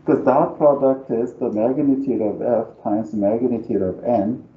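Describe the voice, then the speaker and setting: A man's voice: mid-range voice, fairly even intonation, unhurried, a little hiss or hum. A man with a non-native English accent teaching a live calculus lecture, thinking aloud as he works and coaxing students to agree with him. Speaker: math teacher. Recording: roomy, dull lo-fi sound.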